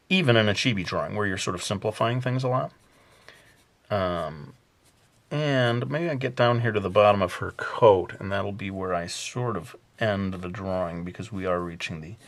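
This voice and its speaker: A man narrating a casual drawing tutorial, chatty and self-mocking, rambling with many fillers. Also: low voice. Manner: chatty and self-mocking, jokingly putting on a bad accent. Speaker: drawing instructor.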